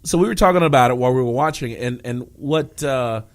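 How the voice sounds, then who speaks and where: A man co-hosting a combat sports podcast, talking casually and quickly in bursts, often laughing. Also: mid-range voice. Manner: animated, talks fast in bursts, laughs often. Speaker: podcast co-host.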